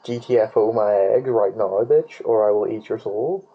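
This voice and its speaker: A man's voice: lowish voice, moderate pace, husky, muffled recording. A man voicing a crude, angry female wyvern. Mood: menacing. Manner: crude, threatening. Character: angry female wyvern guarding her egg.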